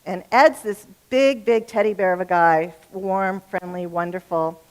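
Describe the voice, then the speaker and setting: A woman's voice: on the low side, steady tone, a little slow. A middle-aged woman giving a talk on relationships to a live audience. She is chatty and humorous and often turns to the room with questions. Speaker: relationship speaker.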